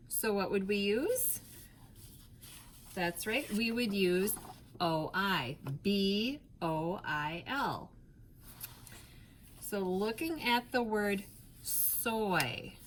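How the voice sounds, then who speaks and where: A woman teaching a phonics lesson to young children, patient and clear, stretching out sounds and spelling letters one by one. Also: medium pitch, fairly bright tone, slight background noise.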